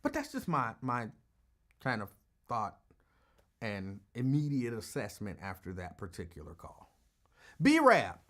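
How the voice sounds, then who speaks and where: A man's voice: on the low side, big pitch swings, unhurried, a bit bright. Emphatic man hosting a call-in show. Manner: emphatic, argumentative, repeats points for effect. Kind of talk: casual call-in commentary.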